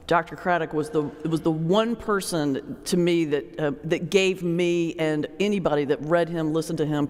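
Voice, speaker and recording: A man with a Southern US accent, a preacher telling a folksy, animated story on a panel. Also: fairly high pitch. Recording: hall reverb.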